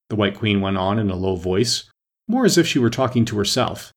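A man reads a storybook aloud with a husky, slightly breathy voice. His intonation rises and falls animatedly between lines, at a mid pitch. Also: animated, brisk. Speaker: narrator.

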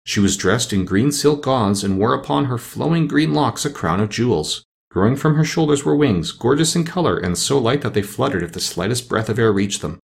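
A man's voice: medium pitch, lively intonation, moderate pace, vocal fry, few pauses. A man reading a storybook aloud, narrating expressively.

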